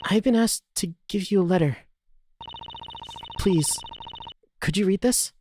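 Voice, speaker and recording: A woman's voice: medium pitch, a little slow, mellow, a little hiss or hum, pitched above the performer's own voice, natural voice. A woman voicing a timid, hesitant young woman in a video game playthrough. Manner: hesitant and polite.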